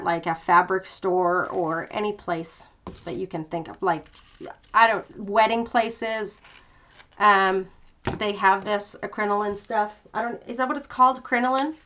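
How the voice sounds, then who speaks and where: A chatty young woman walks viewers through a craft project in a casual live tutorial, filling her talk with ums and little jokes at her own expense. Her voice sits at a middling pitch, and the webcast audio sounds a bit dull and lo-fi. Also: a bit bright. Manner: chatty, self-deprecating, lots of fillers. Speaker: craft demonstrator. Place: home craft room.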